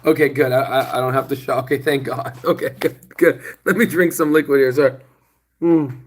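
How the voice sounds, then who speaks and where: A man's voice: mid-range voice, fairly even intonation, brisk, rough recording. A tired young man with a sore throat, hosting a rambling, casual stock chat into a handheld phone. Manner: rambling, self-deprecating, restarts often. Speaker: stock channel host. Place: outdoors hot tub. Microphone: phone held in hand.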